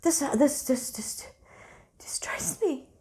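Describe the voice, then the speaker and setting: A woman, hosting and telling everyday stories in a casual, expressive monologue. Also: high-pitched, slow pace, in a whisper. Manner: animated, expressive storyteller. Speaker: spiritual centre host.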